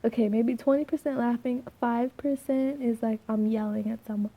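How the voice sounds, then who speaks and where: A soft-spoken young woman with a slightly scratchy voice, rambling through a casual vlog with many fillers and restarts. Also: on the high side, flat delivery, normal speed, gravelly. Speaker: vlogger.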